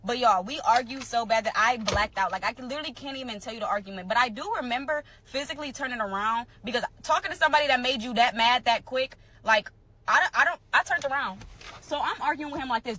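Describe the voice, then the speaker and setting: A young woman tells her followers a personal story in a high-pitched voice. Her tone is bright and sharp. She talks casually, animated and emphatic, and circles back over the same phrases. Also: fast, a little hiss or hum. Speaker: storyteller in a social media clip.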